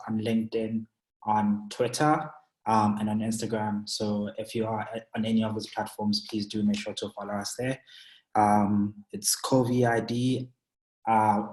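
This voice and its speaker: A man's voice: on the low side, darkish tone. A man moderating a webinar, introducing the next speaker in a casual way with fillers. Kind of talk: hosting a webinar. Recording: dull, roomy call audio.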